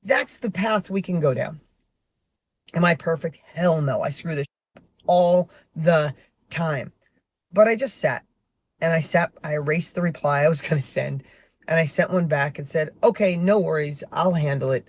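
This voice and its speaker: A middle-aged man talking in an animated, storytelling way from a parked car, sometimes flaring into heated emphasis. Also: fairly high pitch, a little slow, long pauses. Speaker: motivational vlogger. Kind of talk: casual motivational monologue.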